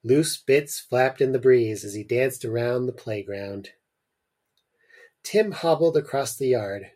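A man's voice: mid-range voice, takes it slowly, darkish tone. A young adult man hosting a podcast, chatting casually and then reading a short story aloud with dry humor. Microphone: remote call mic.

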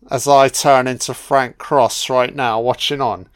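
A man's voice: medium pitch, steady tone, a little slow, clear, resonant tone, no echo, clean studio sound. A man giving a casual, laid-back film commentary, swearing freely and often adding "you know".

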